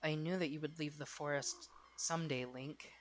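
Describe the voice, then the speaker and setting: A player reading as a gentle forest girl. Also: mid-range voice, steady tone, moderate pace, a little hiss or hum, close to an everyday voice. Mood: tender. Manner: soft, quiet, tender.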